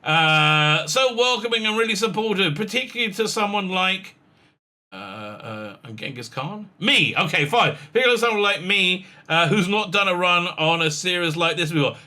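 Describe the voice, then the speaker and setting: A man's voice: high-pitched, animated, moderate pace, sharp tone. A man giving sarcastic commentary, reading quotes aloud with lots of fillers and laughs. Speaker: commentary vlogger.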